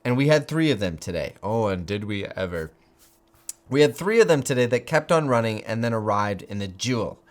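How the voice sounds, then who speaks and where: Excitable man with a lively, swooping voice. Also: lowish voice, brisk. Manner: excitable, gushing, jokey, laughs often. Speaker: football fan channel host. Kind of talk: excited fan commentary to camera.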